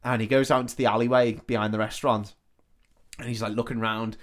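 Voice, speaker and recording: A man's voice: mid-range voice, level tone, fast talker. A man co-hosting a podcast, telling a film's plot in casual, sweary storytelling and acting out the characters. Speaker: podcast co-host. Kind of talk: casual comedic film recap.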